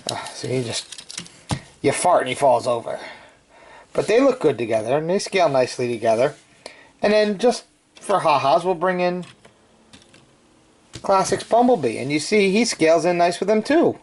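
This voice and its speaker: A man's voice: fairly high pitch, sing-song, normal speed, long pauses, darkish tone. Chatty man reviewing toys. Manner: chatty, joking asides. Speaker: toy reviewer. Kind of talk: casual video review.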